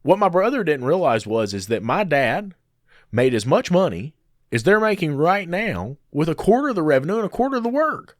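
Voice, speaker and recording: Male podcast co-host, lively storyteller with a swinging pitch, dry close sound. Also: a little fast, no room sound. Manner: animated storyteller who acts out quoted people. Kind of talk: casual podcast chat.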